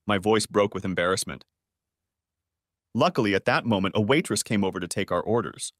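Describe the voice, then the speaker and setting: A man's voice: on the low side, brisk, no room sound, studio quality. A man narrating a first-person story in an earnest audiobook style.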